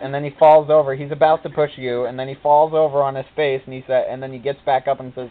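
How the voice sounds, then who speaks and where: A man's voice: medium pitch, little pitch movement, quick pace, few pauses. A man rambles through gameplay commentary, retelling mishaps and quoting characters in goofy voices. His voice sits in an ordinary middle range. The sound is thin and tinny, squeezed like a phone call.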